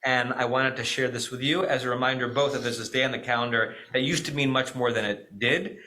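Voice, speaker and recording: A man's voice: medium pitch, steady tone, fairly quick, sharp tone, low-quality recording. A middle-aged man, an American rabbi, giving a conversational Shabbat teaching with frequent "right?" asides and self-corrections.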